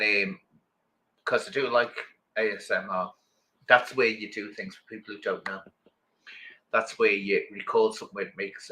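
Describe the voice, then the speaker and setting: A man's voice: lowish voice, bright, forceful tone, rough recording. A middle-aged man, chatting casually with viewers on a livestream and rambling from one thought to the next. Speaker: livestream host.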